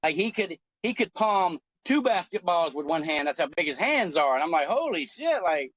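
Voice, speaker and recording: High-voiced animated man telling a crude story. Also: moderate pace, lo-fi sound. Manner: animated storytelling, profane and joking. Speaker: co-host. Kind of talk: casual chat.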